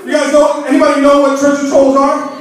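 High-voiced pastor in an echoing hall. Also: male voice, monotone, quick pace, a crowd in the background. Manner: playful, jokes and calls out to the congregation. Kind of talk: humorous sermon storytelling. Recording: very echoey hall.

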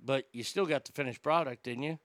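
A man's voice: mid-range voice, fairly quick, a bit bright, dry recording. A middle-aged man hosting a talk show, ranting with blunt opinions and stammering restarts.

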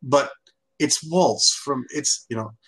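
A man's voice: mid-range voice, takes it slowly, fairly bright tone, breathy edge. A man co-hosting a podcast in casual chat, argumentative, rambling and jokey. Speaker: podcast co-host.

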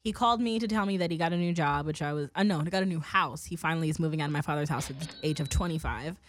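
A woman's voice: low voice, rapid-fire, dry recording. Young woman podcast host, rambling and profane, dry close mic. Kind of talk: casual chat.

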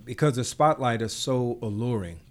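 A man interviewing an artist, framing his questions thoughtfully with many pauses and fillers. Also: medium pitch. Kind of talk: conversational interview.

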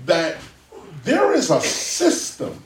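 Animated high-voiced man lecturing a crowd. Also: takes it slowly, slight background noise. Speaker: interview guest. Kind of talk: talk before a live audience. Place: public library event room. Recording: roomy, distant mic.

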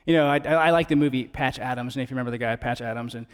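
A man's voice: medium pitch, rapid-fire, clear, resonant tone, in a large hall. A man preaching an earnest, conversational sermon as pastor and building to emphatic points.

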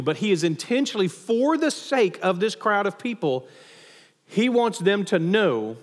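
A man preaching a sermon as pastor, conversational and animated, in a church sanctuary. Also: high voice. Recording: long hall reverb.

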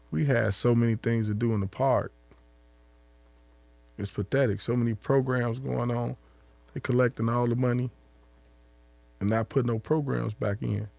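A man's voice: medium pitch, vocal fry, a little mellow, no room sound. A man in a casual conversation, laid-back, tossing in short agreeing replies and street slang. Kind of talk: casual chat.

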